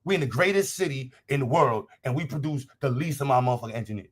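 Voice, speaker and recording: A man's voice: mid-range voice, fast talker, breathy edge. A man hosting a livestream and talking casually to his chat, blunt, profane and combative, repeating phrases for emphasis. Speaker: livestream host.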